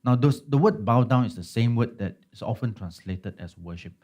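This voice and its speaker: A man's voice: medium pitch, lively intonation, moderate pace, darkish tone. A pastor teaching a Bible study class in a conversational way, often checking in with his listeners. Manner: conversational, checks in with listeners with frequent tag questions.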